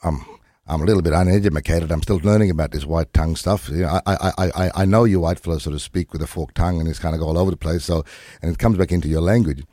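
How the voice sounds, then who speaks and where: A man with an Australian accent giving a passionate interview, full of quick restarts and dry humor. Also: low-pitched, warm tone, dry recording. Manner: fast, repetitive restarts, wry humor. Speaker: guest.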